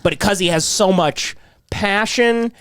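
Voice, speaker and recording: A man's voice: takes it slowly, clear, resonant tone, no room sound. A man hosting a comedy podcast, chatting casually and swearing a lot while acting out quotes. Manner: animated, profane, acts out quotes in high voices. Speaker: podcast host.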